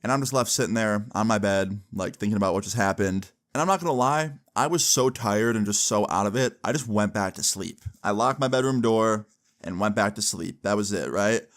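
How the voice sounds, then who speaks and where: A man's voice: lowish voice, a little fast, fairly bright tone. A young man recounting a personal story in a chatty storytime style, full of "like" and "you know" fillers. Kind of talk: casual storytime.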